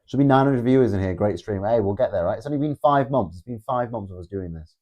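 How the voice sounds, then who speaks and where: A man's voice: lowish voice, lively intonation, fast, a little mellow. A man, hosting a live stream, reading viewer comments aloud in a rambling, sarcastic way and swearing often. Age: 20s. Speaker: livestream host.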